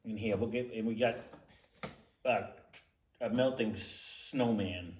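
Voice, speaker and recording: A man's voice: fairly low pitch, takes it slowly, far from the mic, slight background noise. A man co-hosting a casual food review, chatty and opinionated, often reminiscing. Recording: echoey room.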